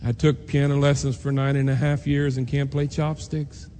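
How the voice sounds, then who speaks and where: A man's voice: mid-range voice, flat delivery, normal speed, mellow. Earnest man preaching in a reverberant hall. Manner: earnest, emotional, acts out quoted voices. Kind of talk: personal storytelling sermon. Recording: long reverb in a large hall, faint noise.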